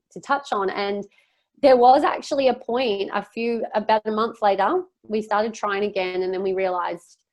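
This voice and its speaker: A young woman talking as a podcast guest, telling a personal story openly and emotionally, rambling with many fillers. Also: mid-range voice.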